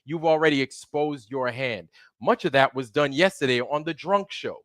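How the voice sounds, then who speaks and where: A man's voice: on the high side, normal speed, fairly bright tone, no echo, studio quality. A man hosting a livestream, ranting angrily in a heated, profane, repetitive way. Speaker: livestream host. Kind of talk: angry livestream rant.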